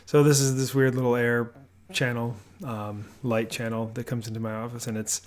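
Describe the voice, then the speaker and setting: A man giving a relaxed, rambling voiceover house tour from his home office, with many fillers and restarts. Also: mid-range voice, normal speed. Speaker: homebuilding vlogger.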